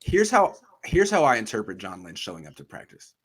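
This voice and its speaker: A man's voice: lowish voice, brisk, husky. A man hosting a sports podcast, talking casually and animatedly, acting out quotes as he goes. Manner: animated, acts out quotes in voices. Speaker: podcast host.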